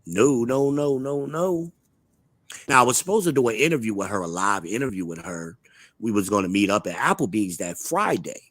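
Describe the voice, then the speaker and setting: A man's voice: fairly low pitch, animated, moderate pace, fairly bright tone, no echo. A man from Charlotte hosting a live online talk show, talking in a blunt, profane, swaggering, opinionated way. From Charlotte, United States. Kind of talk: casual opinionated chat.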